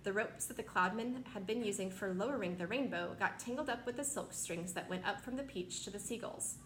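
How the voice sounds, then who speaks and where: A woman narrates a children's novel in a steady, expressive reading voice of middle pitch. The sound is roomy and echoey, with a faint noise floor underneath. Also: fairly quick. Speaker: reader.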